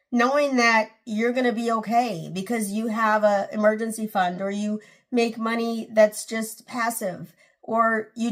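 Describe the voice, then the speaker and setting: A woman in her forties hosting a casual personal vlog, talking in a rambling, earnest way with many restarts, and emotional at times. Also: a little high. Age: 40s. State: emotional, close to tears. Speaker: channel host.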